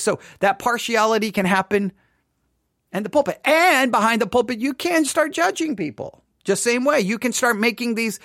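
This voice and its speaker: A man with a high voice gives casual commentary on a sermon, rambling and restarting as he mimics pastors. His recording is dry and close, with no room sound. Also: fairly bright tone, no echo.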